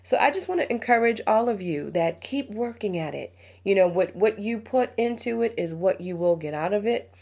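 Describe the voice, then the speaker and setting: A woman's voice: medium pitch, lively intonation, moderate pace, vocal fry, few pauses, a little mellow. A middle-aged woman hosting a parenting podcast, telling a personal family story in an emotional, confiding way and laughing often. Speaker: podcast host, mother. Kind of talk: heartfelt parenting podcast talk.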